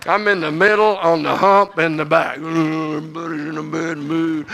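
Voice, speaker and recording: A man's voice: on the high side, flat delivery, moderate pace, pushed and bright, a little hiss or hum, poor audio. A middle-aged man preaching to a church, telling folksy, joking stories. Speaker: guest preacher. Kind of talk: humorous sermon storytelling.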